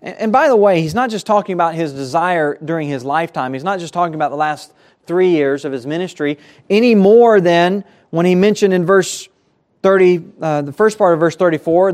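A man's voice: high-pitched, darkish tone. A man preaching a sermon as pastor, earnest, his voice rising and falling for emphasis, at times repeating words.

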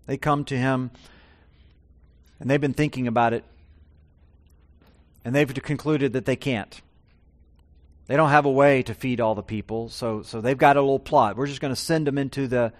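A man preaching a sermon, his voice swelling loud and high on key points and dropping low and quiet on others. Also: normal speed, long pauses. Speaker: pastor.

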